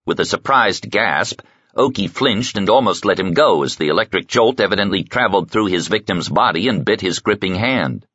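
Deep, husky man narrating an audiobook. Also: no room sound, highs cut off. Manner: lively, dramatic storytelling. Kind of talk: scripted narration.

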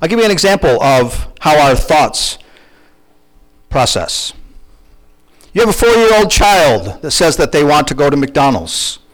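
A middle-aged male pastor delivers a conversational sermon with a fairly high voice. His pitch rises and falls a lot as he talks. He keeps putting questions to his listeners. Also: unhurried, long pauses, rough recording. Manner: animated, conversational preaching with questions to the congregation.

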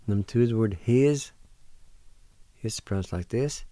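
A man hosting a radio language lesson who patiently spells words out letter by letter and sounds out each syllable, gently encouraging learners not to give up. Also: on the low side, lively intonation, moderate pace, long pauses, no echo. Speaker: radio host teaching language.

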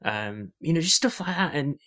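A man's voice: fairly high pitch, sing-song, moderate pace, bright, forceful tone. A young man co-hosting a podcast in casual chat, rambling with lots of fillers and restarts. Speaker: podcast co-host.

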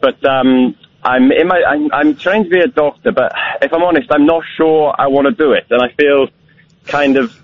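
A young man in his twenties calling a radio show in a put-on Welsh accent, energetic and stumbling over restarts. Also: fairly high pitch, moderate pace. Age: 20s. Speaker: caller. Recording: tinny phone line.

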